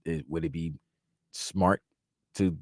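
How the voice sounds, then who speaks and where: A man's voice: low voice, steady tone, slow pace, no echo, studio quality. A man co-hosting sports talk radio, chatting casually with his partner.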